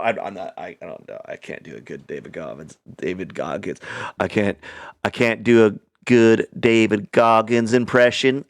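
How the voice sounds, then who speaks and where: A man talking casually and encouragingly to camera, rambling with lots of "like" and restarts, swinging between loud bursts and quiet asides. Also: fairly low pitch. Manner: rambling, heavy use of "like", frequent restarts. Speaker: channel host. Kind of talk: casual motivational monologue.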